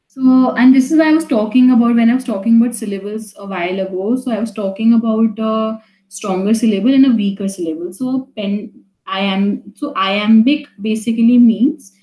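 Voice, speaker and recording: A young woman teaching an online class, talking in a halting way with many fillers and some Hindi phrases. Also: fairly high pitch, warm tone, echoey room, low-quality recording.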